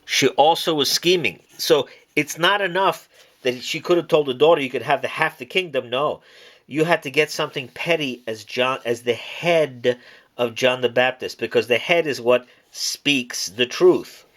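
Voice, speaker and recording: A man's voice: medium pitch, fairly bright tone. Emphatic man preaching on scripture. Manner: emphatic, repeats key words, stretches words out slowly for stress. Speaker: Bible teacher.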